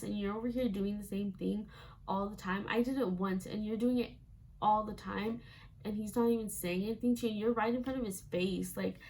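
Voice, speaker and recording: Chatty young woman with a gravelly voice. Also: mid-range voice, a little mellow, a little hiss or hum. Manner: chatty, frequent "like" fillers, acts out quoted lines. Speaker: vlogger. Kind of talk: casual storytime.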